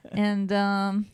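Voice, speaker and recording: Brief: talkative woman podcast co-host, dry close sound, smooth timbre. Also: medium pitch, darkish tone, no echo. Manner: chatty, laughing, frequent restarts. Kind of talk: casual chat.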